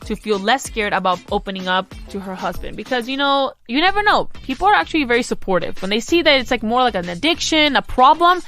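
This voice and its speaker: A woman's voice: fairly high pitch, big pitch swings, fast, few pauses, fairly bright tone, soft background music. Rambling young woman podcast host. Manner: rambling, heavy use of "like" and "you know". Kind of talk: casual advice chat.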